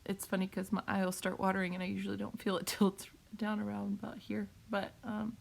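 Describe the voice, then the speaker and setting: A woman talking on a live video while crying, in a halting way, repeating herself and laughing through her tears. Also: medium pitch, monotone, creaky. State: tearful, crying. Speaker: vlogger sharing a cancer update. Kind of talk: emotional live video talk.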